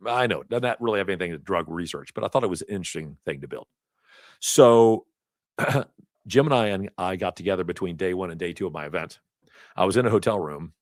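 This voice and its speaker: Male instructor, low and animated delivery, conversational lecture style with self-corrections, dry recording. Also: a little fast, no room sound. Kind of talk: live certification lecture. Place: training event room.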